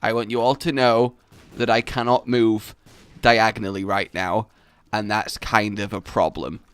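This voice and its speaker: Speaking at a measured pace, a young man with a fairly low, clear, resonant voice records let's play commentary on a close mic without echo. The gaming YouTuber rambles in an animated, exasperated way with occasional outbursts.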